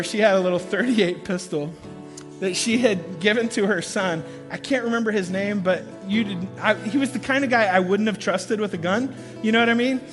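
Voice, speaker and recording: A middle-aged man, a pastor, preaching a sermon as an animated storyteller, laughing and acting out sounds as he goes. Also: high voice. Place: church sanctuary. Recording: large hall with long reverb, faint music.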